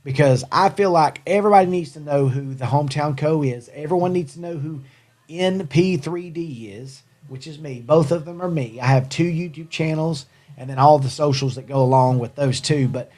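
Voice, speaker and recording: A man's voice: fairly high pitch, moderate pace, a little mellow. A man hosting a casual livestream, rambling about his products and thanking viewers in the chat. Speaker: livestream host and small business owner.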